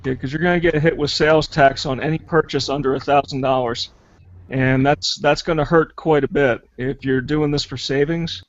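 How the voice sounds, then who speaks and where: A man on a panel in a casual online hangout, explaining costs and strategy in a steady, practical way. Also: fairly high pitch, moderate pace, no echo. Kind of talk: casual live hangout chat. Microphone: video call. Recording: dry, dull lo-fi call audio.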